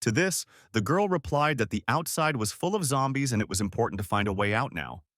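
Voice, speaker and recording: A man narrates a comic story recap in a steady, scripted read. His pitch moves in a lively, animated way. The recording is dry and close, with no room sound. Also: fairly quick, no echo.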